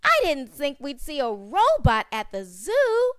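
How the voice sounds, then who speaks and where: Brief: woman reading an eager boy twin in a storybook, quick and high. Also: wildly swooping pitch, a bit bright, no room sound, studio quality, heavily acted.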